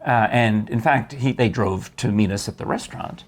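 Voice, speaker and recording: Husky-voiced man, chatty talk-show host. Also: lowish voice, moderate pace. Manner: chatty, enthusiastic storyteller with restarts. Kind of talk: casual chat.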